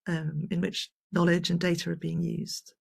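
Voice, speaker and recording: A workshop moderator on a video call, relaxed, reading questions from the chat. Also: medium pitch, moderate pace, gravelly, husky, no room sound, rough recording. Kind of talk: moderating online Q&A.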